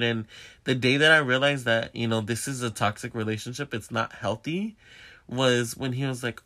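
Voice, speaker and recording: Bright-voiced young man telling a story. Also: mid-range voice, moderate pace. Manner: profane, candid and animated, talks straight to viewers. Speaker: vlogger. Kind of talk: casual confessional storytelling.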